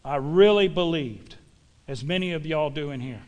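Homespun sayings anchor each point as this man delivers a sermon in church with a folksy, emphatic style. His voice is fairly high for a man yet darkish in tone, at a normal speed, and the sound is lo-fi.

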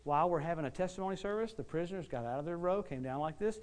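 A middle-aged American man preaches at a rapid clip, his voice sitting a little high for a man. He tells stories with big dynamic swings, bursting out loud and then dropping to near a whisper. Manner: animated, dramatic swings between loud and hushed. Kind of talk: sermon storytelling.

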